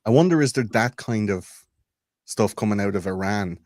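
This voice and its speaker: A man's voice: on the low side, animated, normal speed, darkish tone, no room sound. A man co-hosting a podcast in casual chat, rambling and swearing with many fillers. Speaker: podcast co-host.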